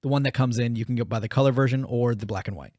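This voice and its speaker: A man's voice: medium pitch, very fast, darkish tone, dry recording, clean studio sound. A man co-hosting a podcast, telling a story in casual, profane chat and acting out the quotes. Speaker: podcast co-host.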